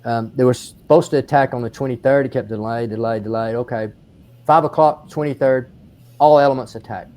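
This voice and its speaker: A man with an Australian accent, a military historian giving an on-site battlefield explanation, telling the story in animated detail with frequent restarts. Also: medium pitch, brisk. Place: outdoors on a battlefield.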